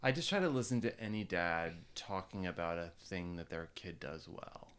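Podcast host guy, lowish bright clean voice, thinking out loud, casual. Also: expressive, moderate pace, clean tone. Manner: reflective, acts out quoted voices. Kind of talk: casual conversation.

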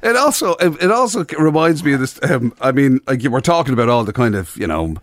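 A man co-hosting a radio breakfast show, talking casually and haltingly with many restarts. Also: medium pitch, animated, dry recording. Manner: hesitant, halting, lots of restarts. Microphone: studio microphone.

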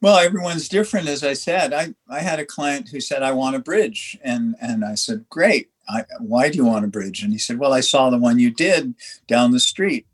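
A man from Canada, a dry stone waller guest, telling stories in a halting way with many restarts and lively quoted dialogue. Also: mid-range voice. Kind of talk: conversational storytelling.

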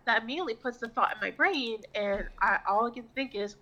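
Animated storytelling woman from Florida. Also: a little high, fairly quick, hardly any pauses, low-quality recording. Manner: animated, self-mocking, swears freely. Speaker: podcast co-host. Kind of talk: casual storytelling chat.

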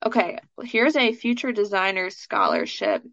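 Woman as a talkative scholarship coach, mid-pitched, casual, lo-fi dry recording. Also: huge pitch swings, normal speed, fairly bright tone, no room sound. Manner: chatty, fills speech with "like" and "um". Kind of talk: live coaching session, casual chat. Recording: dull lo-fi sound.

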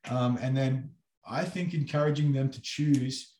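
A man's voice: mid-range voice, steady tone, a little slow, warm tone. Earnest man talking in a roomy space. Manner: earnest, searching, restarts often. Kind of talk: casual discussion. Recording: roomy echo.

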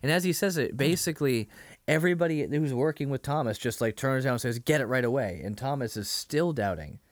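A man co-hosting a podcast, casually recapping a TV episode and acting out the characters' lines in quick little voices. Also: mid-range voice, no room sound, studio quality. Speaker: podcast co-host.

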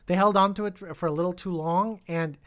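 A man co-hosting a podcast, chatting casually about a movie and trailing off into restarts and sudden animated bursts. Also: sits high, a little fast. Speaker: podcast co-host. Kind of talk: casual film review chat.

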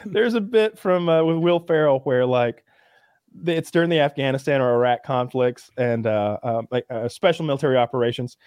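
A man's voice: mid-range voice, a little fast, a little mellow, clear, resonant tone, no room sound, clean studio sound. A man chatting casually with friends, rambling through stories with many restarts and acting out bits. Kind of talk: casual podcast chat.

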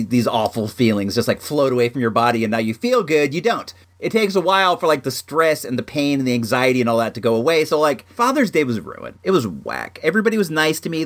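A man talking casually to his audience, his pitch swinging up and down as he tells a story. He rambles, restarts and keeps dropping "like" and "dude", relaxed and chatty. It sounds like a host talking straight to his listeners. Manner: rambling, animated, heavy use of "like" and "dude". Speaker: host of a home show.

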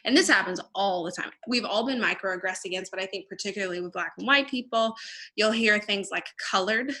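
Woman, podcast co-host, blunt and straight-talking, bright forceful voice. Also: mid-range voice, brisk. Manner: blunt, animated, acts out quoted exchanges. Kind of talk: casual conversational podcast.

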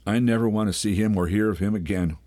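A man's voice: fairly low pitch, fast, warm tone, no echo, lightly acted. A man voicing a distraught young Southern belle, speaking brokenly and plaintively.

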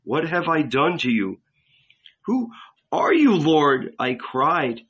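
A man voicing a fiery young male preacher with a high, cracked voice, speaking fervently. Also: animated, measured pace, pushed and bright, breathy edge, dull audio, exaggerated voice. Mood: confessing. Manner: fervent, proclaiming. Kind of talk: audiobook reading.

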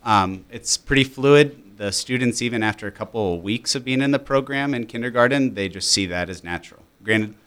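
A man's voice: mid-range voice, brisk, hardly any pauses, fairly bright tone, clean tone. A man, a teacher and program coordinator, explaining his school program as a radio guest, with many fillers.

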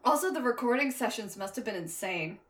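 A woman's voice: on the high side, animated, brisk, roomy sound, recorded from a distance, background noise. A woman in casual chat who laughs often, swears, and mimics cartoon voices.

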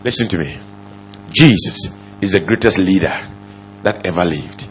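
A male pastor preaching a sermon, firing off rhetorical questions and swinging from low murmurs to loud exclamations. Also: lively intonation, moderate pace, slight background noise.

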